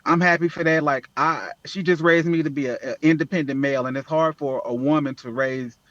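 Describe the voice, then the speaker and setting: A man's voice: a little high, steady tone, brisk, fairly bright tone, dry recording, dull audio. An earnest man in a casual podcast interview, often repeating words and saying "man" as he talks. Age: adult with children. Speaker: podcast guest, app founder.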